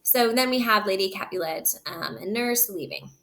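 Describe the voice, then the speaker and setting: A woman reads a play aloud, line by line, then explains each passage in relaxed, everyday words. Her voice is bright and clear, and her manner is that of a teacher walking a class through the text. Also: medium pitch, moderate pace. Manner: switches between reading lines aloud and plain paraphrase. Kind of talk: read-aloud with casual explanation.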